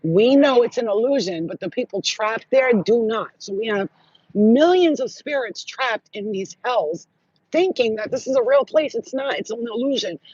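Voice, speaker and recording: A man telling spiritual stories in casual monologue, profane and animated, acting out what people said. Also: very high voice, normal speed, breathy edge, dry recording, highs cut off. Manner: profane, animated, acts out quotes. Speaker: spiritual channel host.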